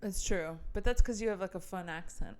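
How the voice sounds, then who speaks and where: A woman's voice: on the low side, a little fast. A woman hosting a casual comedy chat with a friend, encouraging him and laughing along. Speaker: comedian host.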